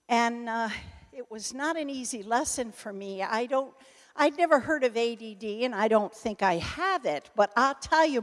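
Older woman storyteller, slightly high and very expressive, unhurried, laughs often, recorded in an echoey hall. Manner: animated, laughing, self-interrupting. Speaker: storyteller speaking to an audience. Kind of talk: humorous personal anecdote.

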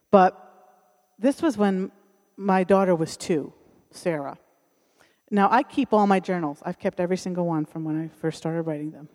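This is a middle-aged woman at a church service giving a sermon that includes her personal testimony. Her voice is fairly low-pitched and mellow, and she narrates earnestly while imitating the voices of people she quotes. The recording has a long hall reverb.

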